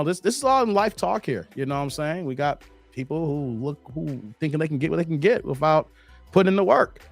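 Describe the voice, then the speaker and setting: A man hosting a livestream, talking bluntly and casually to his chat. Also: a little high. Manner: animated, blunt, talks straight to chat. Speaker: livestream host.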